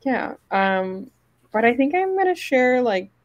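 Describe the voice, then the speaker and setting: A woman co-hosting a casual chat, talking in a halting way full of "like" and "um". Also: fairly high pitch, very animated, dry recording, highs cut off. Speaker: co-host, photographer.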